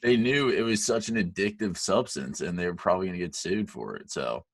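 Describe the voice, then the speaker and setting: Man, low voice, casual podcast chat, laughs a lot, dry close mic. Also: a little fast, gravelly, husky, no echo. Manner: animated storyteller, laughs often, swears freely. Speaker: podcast co-host.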